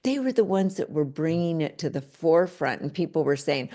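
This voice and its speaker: A middle-aged woman author talking in an interview, animated, acting out quoted phrases in different voices. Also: fairly low pitch, brisk, hardly any pauses. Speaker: author and guest. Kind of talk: interview conversation.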